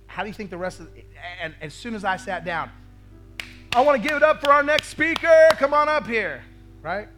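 High-voiced storytelling male pastor. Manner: storytelling with lively acted quotes, frequent "right?" asides. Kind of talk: sermon.

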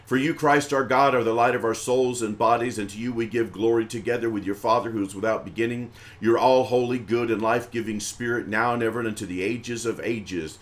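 A man's voice: medium pitch, fairly even intonation, a little fast, hardly any pauses. A man from the American South with a Southern accent, leading liturgical prayers for a live stream in a chanting, intoning voice. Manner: intoning prayers in a raised chanting voice, chatty and laughing between.

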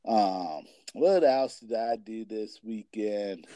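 A young man chats casually in a low, mellow voice, full of filler words and the odd curse. The sound is dry and close, with no room around it. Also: slow, dry recording. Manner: rambling, heavy filler words and swearing. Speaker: parent and kids' basketball coach. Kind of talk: casual chat.

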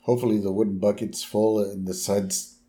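A man's voice: on the low side, little pitch movement, a little fast, mellow. A man co-hosting a podcast, chatting casually and sometimes stopping to search for a word. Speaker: podcast co-host. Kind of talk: casual chat.

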